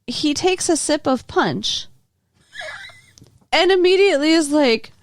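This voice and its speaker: A woman's voice: sits high, expressive, slow. A woman co-hosting a podcast, recapping a TV episode in casual chat, exasperated and swearing. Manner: exasperated, swears, laughs along. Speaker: podcast co-host.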